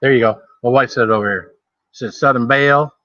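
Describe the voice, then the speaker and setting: A man's voice: mid-range voice, steady tone, fast, fairly bright tone, no echo, highs cut off. A man chatting casually on a live stream while eating, rambling and greeting viewers by name. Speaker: food challenge livestreamer.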